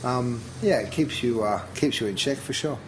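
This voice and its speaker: A man's voice: mid-range voice, moderate pace, a little hiss or hum. A middle-aged Australian man, a chef being interviewed, talking casually and thinking aloud with frequent restarts. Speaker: chef guest.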